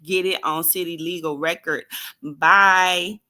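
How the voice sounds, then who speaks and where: A woman streaming live, ranting loudly with lots of laughter and profanity. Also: medium pitch, unhurried. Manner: loud, profane, laughing, animated. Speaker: livestream host. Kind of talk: excited livestream rant.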